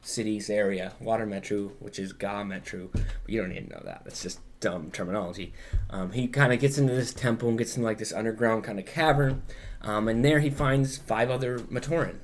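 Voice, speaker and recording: A man's voice: lowish voice, fairly quick, a little hiss or hum. A man hosting a podcast, recapping in casual chat and rambling, with plenty of filler words and swearing. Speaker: podcast host.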